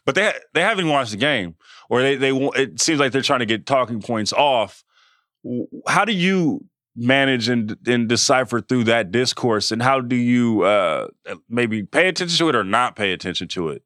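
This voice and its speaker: A man's voice: mid-range voice, lively intonation, moderate pace, a bit bright, no echo, clean studio sound. A man hosting a podcast interview in casual chat, joking and teasing his guest playfully. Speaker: podcast host.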